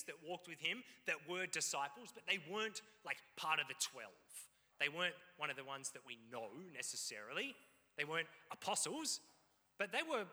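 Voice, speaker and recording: A man preaching a sermon, telling the story in an animated way with frequent asides to the congregation. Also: a little high. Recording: long reverb in a hall.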